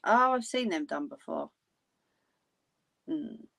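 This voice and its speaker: A woman's voice: on the low side, lively intonation, slow pace, creaky, pushed and bright. A woman chatting casually with viewers on a craft livestream. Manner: chatty, talks to viewers in the chat.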